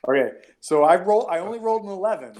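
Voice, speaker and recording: A man runs a tabletop role-playing session, narrating scenes and calling for dice rolls in a loose, rambling way with lots of fillers. His voice sits a little higher than most men's. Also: expressive, fast talker, darkish tone. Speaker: game master.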